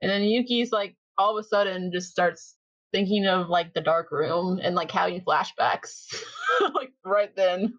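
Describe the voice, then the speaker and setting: A woman's voice: on the low side, a little slow, fairly bright tone, dry recording, muffled recording. A young woman co-hosting a podcast, chatting casually as she recaps an anime and acts out the characters' lines, laughing often. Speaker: podcast co-host.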